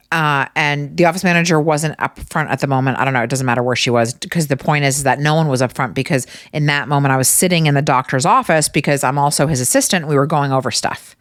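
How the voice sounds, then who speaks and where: A woman hosting her own podcast, telling funny stories in a casual, animated way and swearing freely. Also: low-pitched, no room sound, studio quality. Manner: animated, profane, exasperated storytelling. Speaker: podcast host. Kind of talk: casual comedic storytelling.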